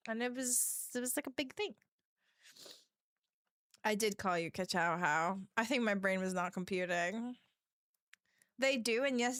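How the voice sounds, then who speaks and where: Woman streamer, bright, fairly high voice, giggly chat, dry close sound. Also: no echo. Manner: giggly and chatty, laughs often; reads viewer messages aloud. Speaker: livestreamer. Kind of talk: casual chat with a live audience.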